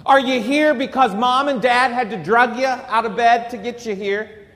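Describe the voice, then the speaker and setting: A man's voice: very high-pitched, moderate pace, fairly bright tone. A man who is a Catholic priest preaching a sermon, emphatic and rhetorical with bits of humor. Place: church. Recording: reverberant church hall.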